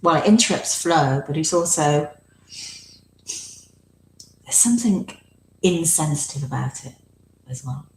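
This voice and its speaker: A woman in casual conversation, speaking reflectively and pausing with ums as she searches for words. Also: sits low, lively intonation, darkish tone. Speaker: podcast co-host. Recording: roomy echo with faint noise.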